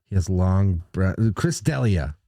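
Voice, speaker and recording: A man's voice: low-pitched, big pitch swings, measured pace, dark tone, no room sound, clean studio sound. A man co-hosting a casual podcast chat, telling rambling, profane stories with lots of restarts. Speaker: podcast co-host.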